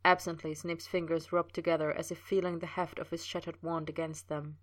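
Low-voiced woman narrating a story. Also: little pitch movement, fairly quick. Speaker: reader. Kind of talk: reading fan fiction aloud.

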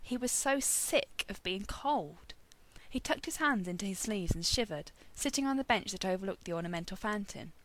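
A woman reading a story aloud as narrator, expressive and wry. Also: mid-range voice, normal speed.

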